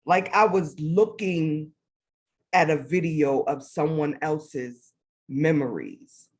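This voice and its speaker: A woman telling a personal spiritual story as a guest, animated, acting out her own past words. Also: deep voice, slow, slightly rough. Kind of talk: casual faith testimony.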